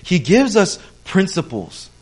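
A man's voice: sits high, sing-song, slow, darkish tone, slightly rough. A man, a pastor, teaching a conversational sermon, explaining step by step and checking in with his listeners. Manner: explains step by step, checks in with "okay?", acts out quoted people.

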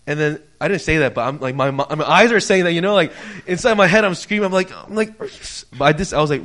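A young man preaches a sermon, telling a personal story in a conversational, animated way that swings from quiet to loud and is full of fillers. His voice is on the high side and he speaks fast.

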